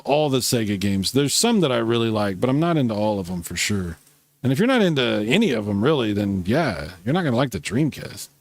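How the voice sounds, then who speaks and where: A man's voice: medium pitch, dry recording. A man hosting a casual live gaming stream, chatting and reacting to viewer comments while he plays. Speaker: livestream host.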